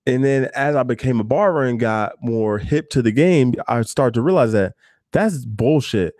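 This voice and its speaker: A man's voice: mid-range voice, animated, normal speed, a little mellow, no room sound, studio quality. A man who works as a barber, giving loose, candid advice straight to the listener with plenty of fillers and asides. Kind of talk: casual advice talk to camera.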